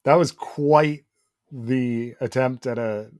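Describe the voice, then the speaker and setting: A man co-hosting a podcast in casual chat, easygoing and quick to laugh. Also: mid-range voice, fairly even intonation, a little mellow. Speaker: podcast co-host.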